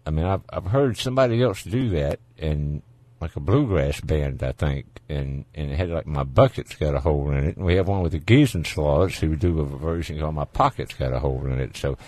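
Southern guy hosting call-in radio, real low voice, folksy, dry studio sound. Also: expressive, a little fast, few pauses, darkish tone, dry recording. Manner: folksy, laughs easily. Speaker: radio talk show host. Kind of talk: casual call-in chat. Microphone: studio microphone.

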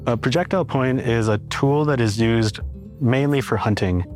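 A man explaining in a steady interview manner, often linking ideas with "and so". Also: mid-range voice, normal speed, soft background music.

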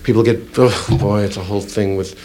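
A man doing a stand-up comedy routine, telling stories in a lively way and breaking into sudden shouted impressions. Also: fairly low pitch, brisk. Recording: noisy live club with audience laughter. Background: audience laughter.

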